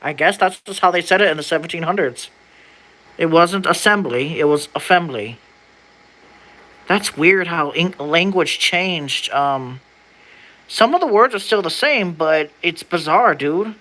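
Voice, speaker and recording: A young adult streamer reads an old document aloud during casual livestream chat. The slangy delivery keeps stalling to sound out words, with a bright, forward tone. Their pitch sits in the middle range. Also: measured pace, low-quality recording.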